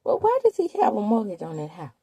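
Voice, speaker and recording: Woman, husky voice, animated pitch, gossipy casual recap host. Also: fast, no echo. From Mississippi, USA. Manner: chatty, gossipy, talks straight to viewers. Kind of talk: casual reality-TV recap commentary.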